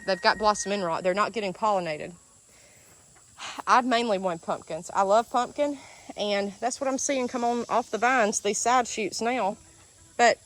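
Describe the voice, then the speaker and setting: A woman with an Alabama Southern US accent, a homestead vlogger, talks with feeling to her viewers as she walks through her garden outside on a casual vlog tour. Her mid-range voice is a bit bright, and chickens, ducks and outdoor ambience can be heard behind her.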